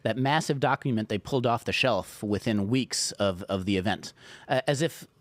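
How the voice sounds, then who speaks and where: Firm, low-voiced male panelist. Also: normal speed, dry recording. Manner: firm, emphatic agreement. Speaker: panel guest. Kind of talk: panel discussion.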